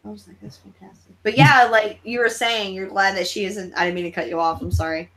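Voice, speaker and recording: A young woman hosting a live stream, telling stories in an excitable, swearing, animated way. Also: medium pitch, fairly quick. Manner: excitable, swearing, animated storytelling with acted-out quotes. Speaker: host. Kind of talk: casual live-stream chat.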